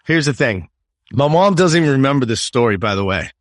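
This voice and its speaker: A man's voice: mid-range voice, expressive, fairly quick, no room sound, clean studio sound. A man in his fifties from California, telling a personal story as a podcast guest in an emphatic, profane way and often checking in with "right?". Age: 50s.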